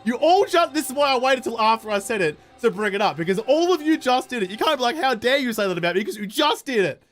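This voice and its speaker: A man's voice: extremely high pitch, big pitch swings, quick pace, a bit bright, faint music behind. A man with an Australian accent, chatting casually and jokily with his live-stream audience as he plays a game, rambling and throwing in slang and the odd swear.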